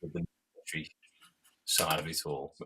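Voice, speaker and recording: A man's voice: a bass voice, level tone, moderate pace, sharp tone, a little hiss or hum. A man co-hosting a podcast, chatting casually and laughing often. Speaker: podcast co-host. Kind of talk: casual chat.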